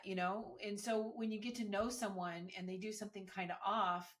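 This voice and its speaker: A woman's voice: mid-range voice, steady tone, normal speed. A woman hosting a relationship podcast, speaking in an agreeable, thoughtful way with rambling explanations. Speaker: podcast host. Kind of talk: conversational interview.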